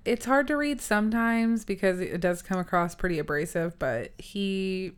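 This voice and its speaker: A woman's voice: mid-range voice, normal speed, clean tone. A young woman co-hosting a casual chat podcast, playful and teasing, often jumping in. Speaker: podcast co-host.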